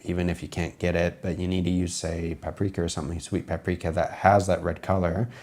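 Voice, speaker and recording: A man's voice: low-pitched, level tone, fairly quick, a little mellow. A man, a chef, casually commenting on a cooking video and explaining tips to viewers, his voice a little strained from being sick. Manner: explanatory, talks to viewers as "guys". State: voice strained from recent illness.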